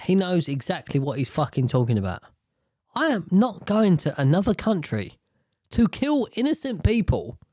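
A man's voice: high voice, sing-song, moderate pace, dark tone, dry recording, clean studio sound. A man hosting a podcast, giving blunt, outspoken casual commentary and swearing freely. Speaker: podcast host.

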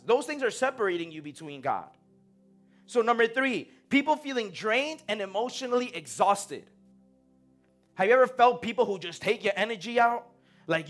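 A young man preaching in a relaxed, conversational way, full of slang and acted-out quotes. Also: sits high, a little fast, soft background music. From United States. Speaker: pastor. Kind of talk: sermon.

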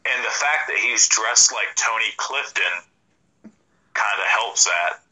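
A man's voice: lowish voice, unhurried, bright, forceful tone, low-quality recording. A man co-hosting a casual wrestling chat, joking and rambling with frequent restarts. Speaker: podcast co-host.

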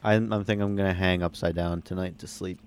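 A man's voice: low-pitched, fairly even intonation, quick pace, crowd noise. A man playing a tabletop game, talking in a laid-back, hesitant way. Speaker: player. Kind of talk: casual tabletop game chat.

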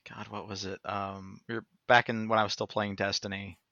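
A man's voice: lowish voice, little pitch movement, brisk, bright, forceful tone, no room sound. A man on a podcast telling a casual story in a rambling way, with many fillers and restarts. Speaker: podcast co-host or guest. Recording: dull, lo-fi, dry.

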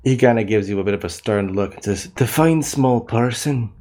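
Low-voiced man hesitantly narrating a tabletop game. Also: fairly even intonation, fast, mellow. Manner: hesitant, frequent ums. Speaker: game master. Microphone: online voice call.

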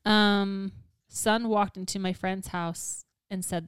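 A woman's voice: mid-range voice, steady tone, extremely slow, pauses often, a little hiss or hum. A woman in her thirties co-hosting a podcast, telling stories in a frank, conversational way. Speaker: podcast co-host. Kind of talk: casual chat.

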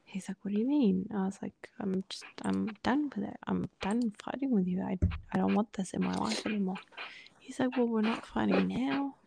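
A woman co-hosting a podcast, telling a personal story in casual talk, often sinking into a breathy near-whisper and acting out what others said. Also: mid-range voice, moderate pace, noisy background. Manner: quotes others in dialogue with many fillers. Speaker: podcast co-host.

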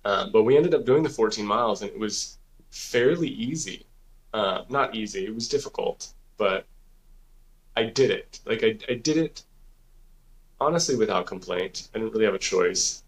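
Man, podcast co-host, low-pitched voice, casual rambling storytelling, curses, lots of fillers. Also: animated, moderate pace. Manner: rambling, profane, heavy use of "like" and "dude".

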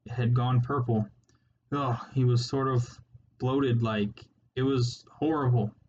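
A man voicing a terrified male rodent soldier who talks in a shaky, squeaking way, in a slightly muffled recording. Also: fairly even intonation, slow, a little mellow. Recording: slightly muffled with faint hiss.

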